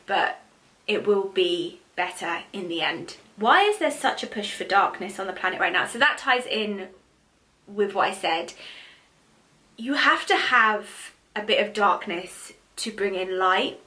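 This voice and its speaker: Bright-voiced chatty woman. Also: mid-range voice, unhurried. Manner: chatty, animated storytelling with many fillers. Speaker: spiritual reader answering viewer questions. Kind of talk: casual Q&A monologue.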